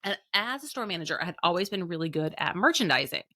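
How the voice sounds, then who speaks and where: A woman's voice: lowish voice, big pitch swings, fast, pushed and bright, no echo, clean studio sound. A woman in her thirties from the American Midwest telling stories in a chatty conversational way, full of fillers and acted-out quotes. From Indiana, American Midwest. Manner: chatty, lots of "like" fillers, acts out quoted voices. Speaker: business owner and guest. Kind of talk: conversational storytelling.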